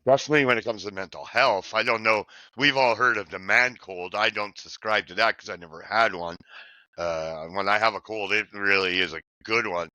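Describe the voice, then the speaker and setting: Bright, low-voiced middle-aged man. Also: a little fast, no echo. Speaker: podcast co-host. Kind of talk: casual recovery chat.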